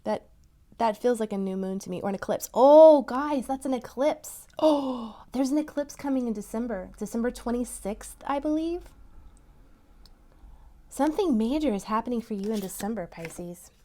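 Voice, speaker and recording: A woman giving a tarot reading to her viewers, talking in an encouraging, softly emphatic way and breaking into excited exclamations. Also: fairly high pitch, normal speed. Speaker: tarot reader.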